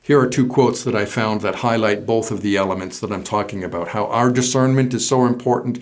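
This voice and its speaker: A man who is a pastor, preaching a sermon in a measured way, stressing single words with pauses. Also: fairly low pitch.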